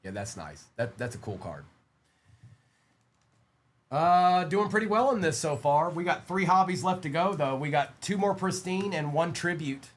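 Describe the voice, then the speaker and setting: This man's voice is a little high and sing-song, moving at a moderate pace. He's running a live-stream trading card break, keeping things upbeat and casual while calling out player names as packs come open.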